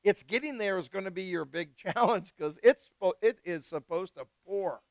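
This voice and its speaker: A man hosting a live wine tasting, chatting casually and excitedly with guests and swearing freely. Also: high-pitched, normal speed, no echo. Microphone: live stream mic.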